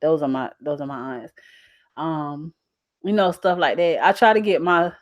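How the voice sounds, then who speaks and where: A woman's voice: low-pitched, normal speed, dull audio. A woman hosting a live stream in casual chat, talking straight to her viewers. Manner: chatty, addresses viewers directly as y'all.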